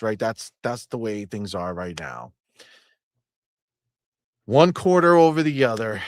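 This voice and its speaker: A man hosting a casual gaming podcast, animated and joking, repeating phrases and breaking into shouts. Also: mid-range voice, no room sound. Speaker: podcast host.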